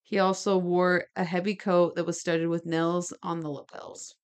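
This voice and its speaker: A woman with a somewhat low voice tells a true-crime story on a casual podcast. She reads from her notes and breaks off into chatty asides. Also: little pitch movement, moderate pace, clear, resonant tone. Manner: gestures while talking. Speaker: podcast co-host.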